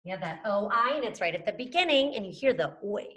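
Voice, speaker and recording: A woman's voice: mid-range voice, animated, quick pace, fairly bright tone. A woman teacher leading a phonics lesson for young children, chanting letters and sounds and praising the class. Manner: sing-song chanting of letters and sounds, encouraging.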